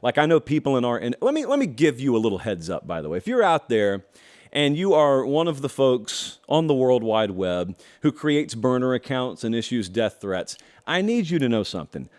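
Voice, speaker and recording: A man's voice: medium pitch, very animated, normal speed, a little mellow. A middle-aged man from the American South hosting a show, giving opinionated commentary in a folksy way, stretching words for emphasis and adding wry asides. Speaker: host.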